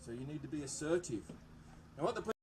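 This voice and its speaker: A little high-voiced and very animated, an Australian police presenter talks at a quick pace as he demonstrates for an outdoor crowd at a public open day. He jokes and chats with the children over a loudspeaker microphone, with slight background noise.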